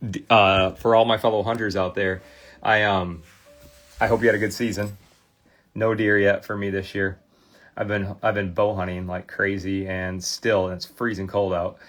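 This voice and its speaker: A man in his thirties with a Midwestern American accent, hosting a casual livestream and chatting loosely with viewers while he works, full of fillers and restarts. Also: on the low side. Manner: rambling, friendly, many fillers and restarts. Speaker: host of a card cleaning livestream.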